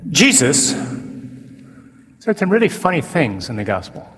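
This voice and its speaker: A man, a priest preaching a humorous, animated sermon at a men's conference. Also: a little high, unhurried, slightly rough. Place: large conference hall. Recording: reverberant hall recording.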